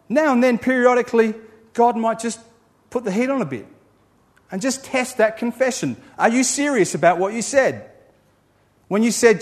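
A man with a notably high voice delivers a sermon. He builds emphatic runs of phrases, then drops to a quiet, low close. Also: expressive, normal speed, long pauses. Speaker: pastor.

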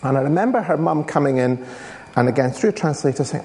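A man's voice: on the high side, animated, fast talker, darkish tone. Man, assembly speaker, storytelling style, reverberant hall. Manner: storytelling, addresses audience with questions. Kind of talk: school assembly talk.

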